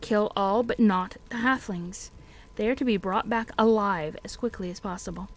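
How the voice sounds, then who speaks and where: Ugluk, a woman growling as a brutal orc captain. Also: natural voice. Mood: domineering. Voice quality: deep growl. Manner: blunt, slow and domineering. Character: big brutal male orc captain, commanding.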